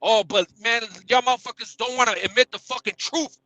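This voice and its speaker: A man with a very high, piercing voice and a sharp, tense edge rants about boxing and shouts down his co-hosts. The recording is dry and close, with no room sound. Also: fairly even intonation, a little fast, hardly any pauses, dry recording, rough recording. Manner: loud, profane, ranting, shouts at co-hosts. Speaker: podcast host. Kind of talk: heated boxing debate. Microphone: streaming podcast mic.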